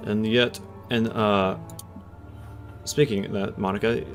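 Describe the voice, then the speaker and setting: A man's voice: on the low side, steady tone, a little slow. A man narrating a tabletop roleplaying game as game master, casual and descriptive. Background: soft background music.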